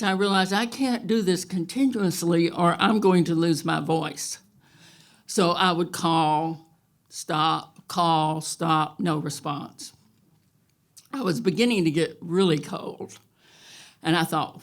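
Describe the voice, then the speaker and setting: A woman telling a true story on stage to a live audience, wry and unhurried, often chuckling. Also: on the low side.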